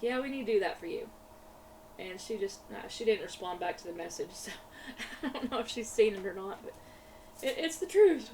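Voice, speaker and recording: A woman's voice: on the high side, creaky, darkish tone. A woman, chatting in a rambling way while she crafts, often laughing and repeating her words. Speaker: craft vlogger. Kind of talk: casual chat while crafting. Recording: slightly distant mic with faint room noise.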